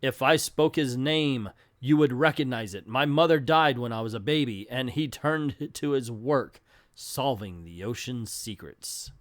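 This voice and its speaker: A man voicing a proud, calm hero of the sea who speaks slowly and solemnly. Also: medium pitch, no echo, clean studio sound, natural voice.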